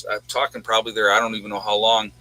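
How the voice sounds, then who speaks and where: A man's voice: lowish voice, level tone, rapid-fire, bright, forceful tone, no echo, poor audio. A man hosting a casual livestream, chatting in a rambling way and answering viewers' questions. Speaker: livestream host.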